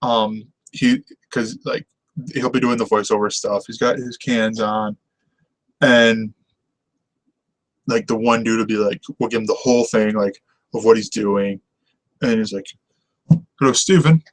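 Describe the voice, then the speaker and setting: Rambling, excitable man reviewing TV. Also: fairly low pitch, measured pace, long pauses, poor audio. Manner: enthusiastic, rambling, laughs often. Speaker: TV review show host. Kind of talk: casual on-camera review chat.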